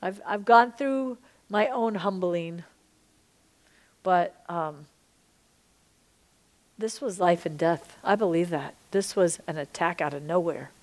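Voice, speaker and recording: Middle-aged woman preaching on a podcast, lowish voice, goes from whisper quiet to loud and fired up. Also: slow, long pauses. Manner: impassioned, swings from hushed whispers to loud emphasis. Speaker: Christian teacher and minister. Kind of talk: sermon-style teaching podcast.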